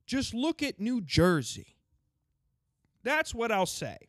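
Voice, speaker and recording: A man's voice: extremely high pitch, very animated, slow pace, no echo, clean studio sound. A man delivering an angry, sarcastic rant full of swearing. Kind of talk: ranting stand-up style monologue. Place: lives in the state he complains about.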